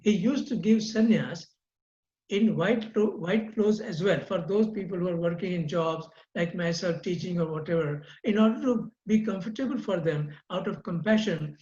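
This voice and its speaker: An older man, a guest recounting personal memories in an earnest, halting way with frequent repeated words. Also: high-pitched, a little mellow. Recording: roomy, dull lo-fi sound.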